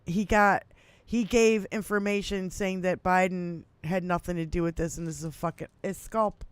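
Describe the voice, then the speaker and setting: Profane, animated woman in her fifties. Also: fairly low pitch, normal speed, smooth, no room sound. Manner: profane, animated, laughs often. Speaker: podcast co-host. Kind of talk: casual political chat.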